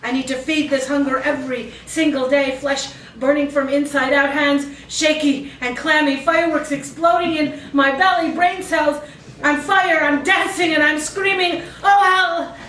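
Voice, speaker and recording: A woman with a fairly high voice performs her spoken-word poetry at a cafe open mic, switching between rhythmic, intense delivery and casual asides. She is recorded from a distance in an echoey room, with faint background noise. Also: fairly even intonation, normal speed, fairly bright tone. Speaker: featured poet. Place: cafe performance space, live audience.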